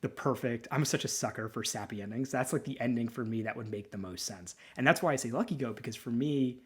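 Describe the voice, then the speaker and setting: Husky-voiced man in his thirties, rambling. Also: mid-range voice, quick pace. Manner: rambling, candid and sentimental, with frequent restarts. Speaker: lawyer and podcast co-host. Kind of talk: casual chat.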